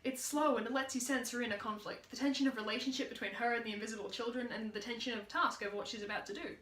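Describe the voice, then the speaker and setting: A woman, a drama student, giving a brisk, upbeat school drama presentation. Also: on the high side, fairly even intonation, fairly bright tone. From Australia. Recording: echoey room.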